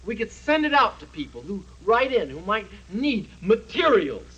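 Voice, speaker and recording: A man's voice: high voice, big pitch swings, moderate pace, a bit bright, slightly rough, full character voice, rough recording. A man voicing a boastful, good-natured male dragon who keeps running for office, talking in pompous rambling patter for a TV puppet show. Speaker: puppet character. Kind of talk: 1970s TV puppet comedy.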